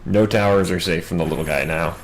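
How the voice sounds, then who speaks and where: A man doing solo play-by-play game commentary, racing through big fights and dropping wry asides in quiet moments. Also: low-pitched, soft background music, low-quality recording. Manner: quick, excitable calls in big plays, wry asides in lulls. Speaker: match commentator.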